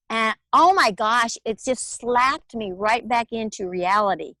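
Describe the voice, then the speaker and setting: A woman, telling her personal story as an interview guest in a candid, animated way. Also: a little high, slow, no room sound. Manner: candid, animated storytelling with laughs and acted-out quotes. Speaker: guest, author and alternative healer.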